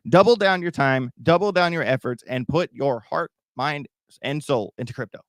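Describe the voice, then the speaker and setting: A man's voice: on the high side, normal speed, no echo, clean studio sound. A man hosting a crypto livestream in casual, rambling talk, often restarting and repeating himself while addressing viewers. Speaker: crypto YouTube host.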